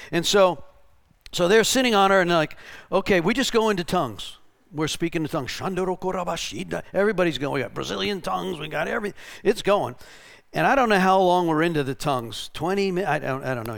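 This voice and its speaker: A man preaching a storytelling sermon in an animated way, restarting and repeating words and rising to shouted bursts. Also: fairly high pitch, clear, resonant tone. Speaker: pastor.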